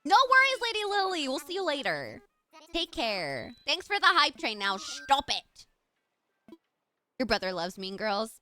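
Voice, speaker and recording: A bubbly young woman streamer chatting with her viewers between gameplay. Her voice is bright and fairly high, swooping up and down with lively energy as she gushes her thanks. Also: a little slow, soft background music. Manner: bubbly, gushing, thanks chat warmly. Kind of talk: casual live-stream chat.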